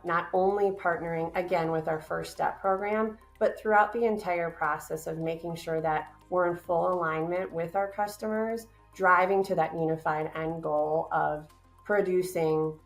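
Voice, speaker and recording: A woman with a low voice and a gravelly edge, answering interview questions about her company. She speaks in an earnest, upbeat way with plenty of fillers. Faint music sits underneath. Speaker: company business development director, guest.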